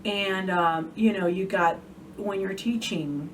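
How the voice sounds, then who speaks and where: A woman hosting a podcast, chatting casually, reacting with laughs and telling her own stories. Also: medium pitch. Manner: lively and laughing, quick to react. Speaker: podcast host. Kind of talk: casual interview chat. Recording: distant mic with faint room noise.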